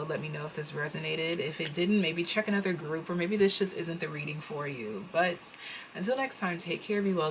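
A low-pitched woman talks through a tarot reading in a loose, rambling way, full of fillers and restarts. She addresses her viewers directly. A faint hiss sits under her voice. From United States. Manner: rambling, thinks aloud with many fillers. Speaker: tarot reader.

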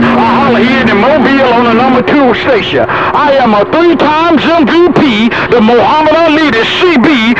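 A man trash-talking over a CB radio, boastful and taunting. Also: extremely high pitch. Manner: boastful, taunting trucker slang. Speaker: CB radio caller. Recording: muffled CB radio with loud static.

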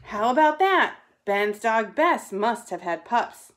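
A woman's voice: fairly high pitch, lively intonation, takes it slowly. Brief: woman reads a cheerful dad bear, casual and upbeat. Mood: enthusiastic. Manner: breezy, enthusiastic. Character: easygoing father bear, enthusiastic.

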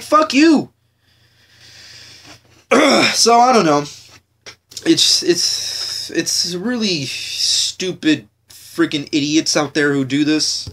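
Young american guy ranting on his podcast, swears a ton, lots of like and restarts, voice on the higher side. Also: a bit bright. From United States. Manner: profane, repetitive, frequent fillers and restarts. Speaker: podcast host. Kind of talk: casual ranting monologue.

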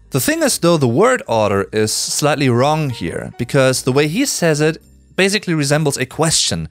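A man from Germany with a German accent, teaching German in an animated, explanatory way and slowing down to stress sounds. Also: a little high, soft background music. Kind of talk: explaining language.

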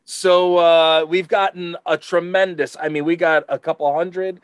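A man's voice: a little high, level tone, measured pace, smooth, no echo. A man hosting a podcast, talking casually with lots of restarts and repeated words. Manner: stammering, repeats himself, chuckling. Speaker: podcast host.

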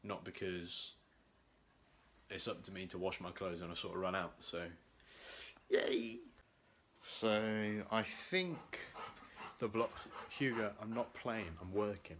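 A young man with a deep, slightly bright voice speaks at a measured pace in a casual vlog filmed at home, inside and out. He rambles and mocks himself, using frequent fillers. The handheld camera at arm's length picks up slight background noise.

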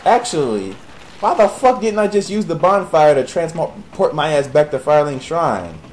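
A man's voice: on the high side, very animated, moderate pace, a little hiss or hum, poor audio. A young man giving profane, sarcastic commentary while playing a video game and talking to its characters. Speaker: gaming commentator. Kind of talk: Let's Play commentary.

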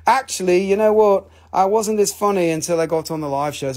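A man's voice: sits high, fairly quick, hardly any pauses, darkish tone. A man selling minerals on a live stream, rambling, joking, swearing and switching voices as he talks. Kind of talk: casual live sales stream.

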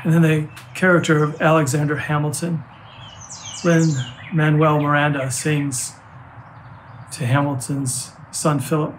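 A man's voice: on the high side, level tone, a little hiss or hum. Earnest older man preaching. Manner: earnest, heartfelt, halting restarts. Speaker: pastor. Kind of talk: sermon.

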